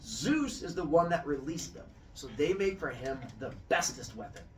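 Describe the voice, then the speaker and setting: A man's voice: on the high side, lively intonation, moderate pace, distant mic. A man retelling myths in a playful, jokey storytelling style as host.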